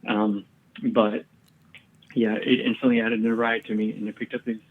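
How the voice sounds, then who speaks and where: A man's voice: lowish voice, flat delivery, moderate pace, narrow, tinny audio. A man, a comedian guest, telling rambling stories in casual chat and swearing often.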